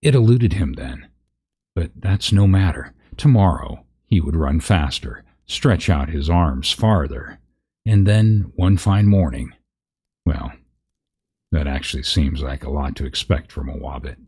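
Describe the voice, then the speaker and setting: A man's voice: very deep voice, lively intonation, measured pace, mellow, husky. A man reading a parody fantasy story aloud, breaking off with wry asides about the text. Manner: reads aloud with wry asides at misread words. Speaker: narrator.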